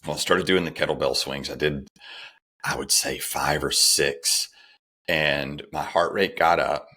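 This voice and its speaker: A man's voice: a bass voice, steady tone, measured pace, sharp tone, slightly rough. A middle-aged man, a podcast guest, candidly telling a personal story and retelling the dialogue, with some restarts.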